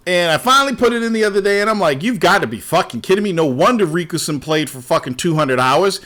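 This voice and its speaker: A man hosting a casual show, ranting in an animated, profane way and trailing off into repeated words. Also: high-pitched, fast talker. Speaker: podcast host.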